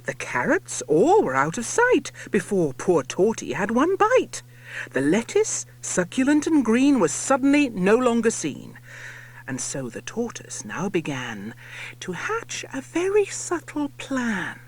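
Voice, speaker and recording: A man's voice: high-pitched, huge pitch swings, unhurried. A man narrating a rhyming storybook audiobook in a playful, theatrical way, dropping to a whisper on some lines. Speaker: audiobook reader.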